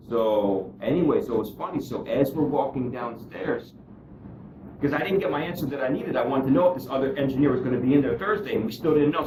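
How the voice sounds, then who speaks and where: A man's voice: mid-range voice, noisy background. Earnest man telling his recovery story, distant and roomy. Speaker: guest speaker sharing his recovery story. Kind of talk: candid spoken testimony.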